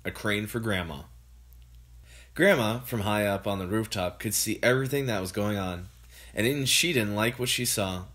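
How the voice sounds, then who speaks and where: Someone reading a children's book aloud in an expressive, animated way. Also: mid-range voice, moderate pace. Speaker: storybook reader.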